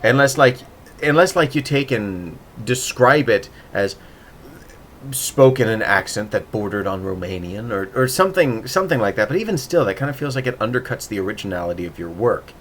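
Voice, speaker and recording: A man's voice: mid-range voice, lively intonation, a little fast, a bit bright, slight background noise. A man hosting a casual writing livestream, thinking aloud and muttering to himself as he works.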